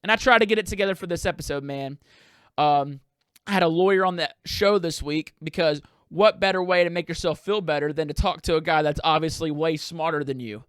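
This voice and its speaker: A man's voice: fairly high pitch, brisk, a bit bright, smooth, no room sound, clean studio sound. A young man hosting a podcast, talking in a profane, rambling, self-deprecating way. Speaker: podcast host. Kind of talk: casual comedic monologue.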